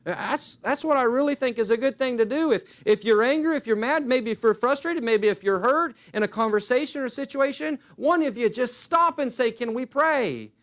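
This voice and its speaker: A man preaching a sermon, earnest and emphatic, swinging his pitch widely and acting out little dialogues as he goes. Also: moderate pace, few pauses, fairly bright tone.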